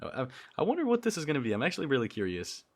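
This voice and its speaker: Excitable young man streaming, lively pitch. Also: rapid-fire. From Brazil. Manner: excitable, swings between loud outbursts and low mumbling. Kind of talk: casual livestream chat.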